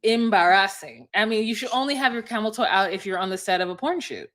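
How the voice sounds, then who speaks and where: A woman's voice: medium pitch, fast, a bit bright. A woman co-hosting a casual recap podcast, wry and sceptical as she sums up episodes. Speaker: podcast co-host.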